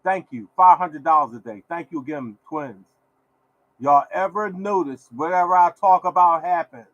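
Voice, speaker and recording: A man's voice: on the high side, normal speed, a bit bright, no echo, lo-fi sound. A man hosting his own lottery podcast, talking in a repetitive, preachy way and scolding his listeners. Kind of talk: casual podcast rant.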